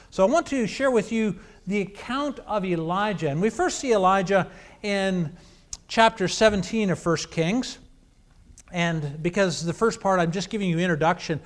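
A man preaching a sermon, telling a scripture account in a conversational, storytelling way. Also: high voice.

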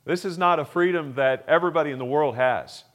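A man's voice: fairly high pitch, fairly quick, a bit bright. A male pastor preaching a sermon, explaining scripture with rising emphasis and frequent uh fillers.

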